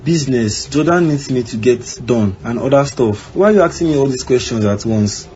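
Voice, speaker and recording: A man's voice: mid-range voice, expressive, normal speed, dark tone, natural voice. A man voicing an evasive young husband in a cartoon, answering defensively. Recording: slightly dull with faint background noise.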